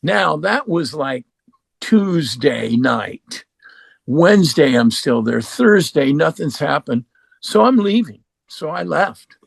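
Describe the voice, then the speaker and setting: A man's voice: on the high side, big pitch swings, slow pace, gravelly, no echo. A man from Oregon, a musician guest, telling a personal story in casual talk. He swears freely and acts out both voices in the conversations he recalls. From Oregon, United States.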